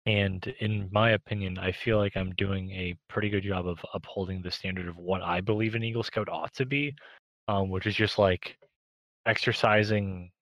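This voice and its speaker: Deep-voiced young man, laid-back guest. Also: steady tone, normal speed, fairly bright tone, dry recording, low-quality recording. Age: young adult. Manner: hesitant, laid-back, many fillers. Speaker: podcast guest. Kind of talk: casual chat.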